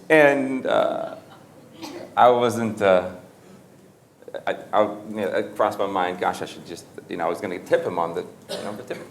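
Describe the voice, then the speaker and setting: A man's voice: on the low side, measured pace, pauses often. A man giving a motivational talk, telling a story in a conversational, humorous way and often correcting himself mid-sentence. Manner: conversational and humorous, with frequent self-corrections and laughter. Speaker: motivational speaker.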